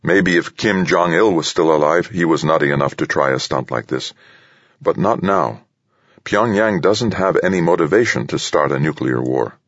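A man's voice: very deep voice, normal speed, fairly bright tone, husky, no room sound, lo-fi sound, exaggerated voice. A man voicing a grim male analyst who speaks urgently and insistently.

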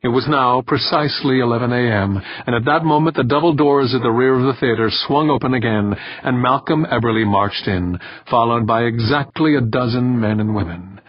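Husky male audiobook narrator. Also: mid-range voice, brisk, few pauses, no room sound. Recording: dull, dry, slightly muffled recording.

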